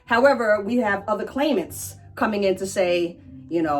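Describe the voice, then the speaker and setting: A woman's voice: mid-range voice, animated, moderate pace. A woman hosting a casual explainer, chatty and irreverent, who swears now and then. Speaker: pop-culture explainer host.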